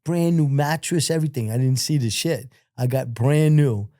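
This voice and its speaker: An American man tells his life story in a casual interview, blunt and profane, getting animated whenever he quotes other people. His mid-range voice moves at normal speed, captured in a dry recording with clean studio sound.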